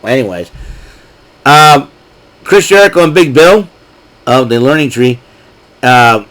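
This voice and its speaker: A man's voice: mid-range voice, expressive, takes it slowly, fairly bright tone, rough recording. Rambling man recapping wrestling. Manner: rambling, chatty, with frequent fillers and asides. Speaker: show host. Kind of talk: casual solo wrestling recap.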